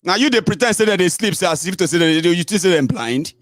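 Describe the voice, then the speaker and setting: A Nigerian man with a Yoruba accent hosting an online radio show, giving animated political commentary mixed with Pidgin. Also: high-pitched, fast talker, no room sound, studio quality. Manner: animated, mixing Pidgin and Yoruba, stretching words for emphasis.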